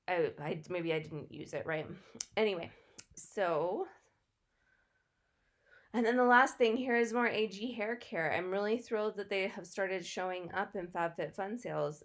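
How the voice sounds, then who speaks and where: A young adult woman vlogger chatting casually through product reviews, often correcting herself and laughing. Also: fairly low pitch. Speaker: beauty and lifestyle vlogger.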